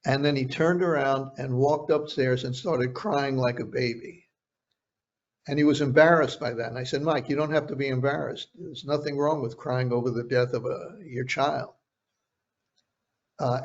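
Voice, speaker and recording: An older journalist telling stories about past interviews in a halting, conversational way, with frequent restarts. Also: male voice, mid-range voice, steady tone. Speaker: journalist guest recounting interviews. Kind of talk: conversational storytelling. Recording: dull lo-fi podcast audio.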